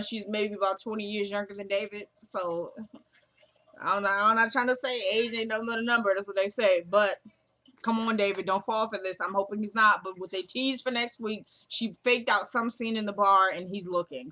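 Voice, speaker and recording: A woman's voice: mid-range voice, moderate pace, bright, forceful tone. A woman recapping a TV drama episode in casual chat, retelling scenes through quoted dialogue and gushing about the actors. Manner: gushes, laughs. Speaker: TV episode reviewer.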